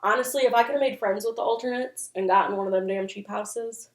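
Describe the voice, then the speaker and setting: A woman's voice: medium pitch, steady tone, fairly quick. Chatty woman in a roomy echo. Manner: chatty, joking, swears casually, lots of fillers. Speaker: channel host. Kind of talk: casual commentary recap.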